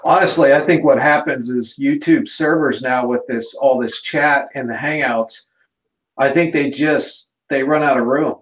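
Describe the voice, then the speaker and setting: A man's voice: medium pitch, measured pace, fairly bright tone, poor audio. A man joining a live video hangout remotely, explaining things in a matter-of-fact, casual way. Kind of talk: casual chat, explaining tech problems. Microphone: remote video call.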